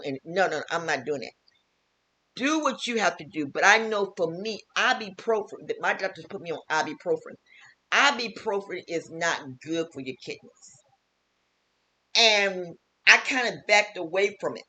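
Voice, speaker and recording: A woman's voice: lowish voice, lively intonation, normal speed, bright, forceful tone. A woman, a health vlogger and teacher, talking earnestly and repetitively in a casual home wellness vlog from her kitchen.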